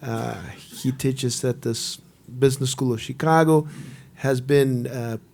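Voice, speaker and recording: A man's voice: medium pitch, fairly even intonation, slow pace, creaky, darkish tone, a little hiss or hum. A man with a Brazilian accent, moderating a debate; he asks questions hesitantly, searching for words.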